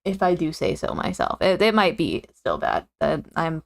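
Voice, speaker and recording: A woman's voice: low voice, wildly swooping pitch, moderate pace, gravelly. A woman chatting casually on a live stream, giggling often and rambling with lots of fillers and self-corrections.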